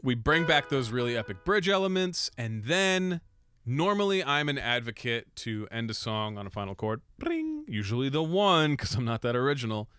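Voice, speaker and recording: Here a young male producer and mixer walks through making a song in a casual, jokey tutorial, cursing and poking fun at himself irreverently. His mid-range voice swings widely in pitch at a moderate pace, fairly bright and smooth, recorded clean in a studio with no echo and faint music behind.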